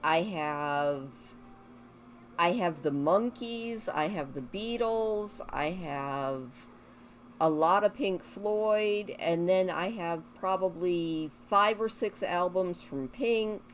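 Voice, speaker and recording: A gaming YouTuber with a lowish voice plays a life-simulation game in casual let's-play style, speaking unhurriedly. She rambles and coaxes her characters along, with a faint hum of noise beneath her voice.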